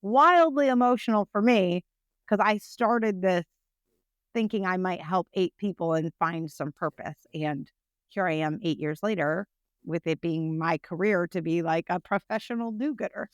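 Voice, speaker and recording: With a fairly low, smooth voice at normal speed and no room sound, a nonprofit founder recounts her personal story to an interviewer. She's frank and animated, frequently asking "right?".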